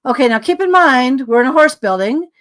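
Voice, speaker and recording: Tired woman guest spinning a long story, kinda high voice, acts out all the dialogue with lots of ums. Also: fairly quick. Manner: animated storyteller, acting out dialogue with frequent fillers. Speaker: podcast guest. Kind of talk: storytelling in casual conversation.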